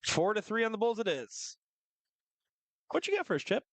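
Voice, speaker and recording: A man commentating live darts, chatty and joking, with quick analytical asides. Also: high-pitched, huge pitch swings, no room sound.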